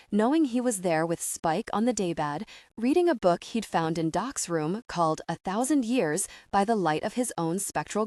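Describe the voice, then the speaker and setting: A woman narrates a first-person audiobook with a chatty, wry tone. Her pitch moves a great deal, rising and falling through each sentence. The recording is close and dry, with no room sound. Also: darkish tone, dry recording. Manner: chatty, wry teen-girl storytelling.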